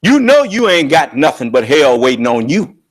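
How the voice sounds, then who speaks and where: A man preaching on scripture with emphatic, confrontational delivery, slowing down to draw out quoted verses. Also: a little high, big pitch swings. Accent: American. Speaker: religious leader and teacher.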